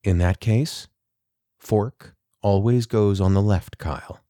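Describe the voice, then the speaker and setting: A man voicing a soothing, self-assured artificial intelligence that speaks calmly. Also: lowish voice, takes it slowly, no room sound, studio quality. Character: calm, all-knowing male home AI.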